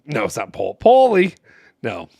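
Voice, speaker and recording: A man's voice: mid-range voice, expressive, brisk, creaky, fairly bright tone, dry recording. A young man co-hosting a fan live stream, joking and teasing with a laugh in casual chat. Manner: playful, laughs often, teasing.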